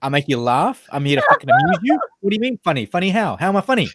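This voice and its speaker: A man's voice: medium pitch, sing-song, fast talker, no echo, studio quality. A man doing a touchy, hot-tempered gangster. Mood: menacing. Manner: menacing, escalating, profane questioning.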